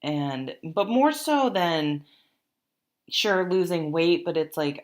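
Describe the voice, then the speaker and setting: A woman's voice: lowish voice, expressive, slow. A woman giving a casual, rambling tarot reading to her viewers, with many fillers and restarts. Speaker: tarot reader.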